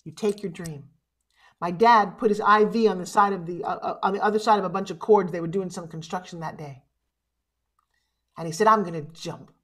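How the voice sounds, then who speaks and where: A woman's voice: medium pitch, a little fast, fairly bright tone. A woman giving a motivational keynote, speaking with emphasis and rousing the audience. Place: online summit.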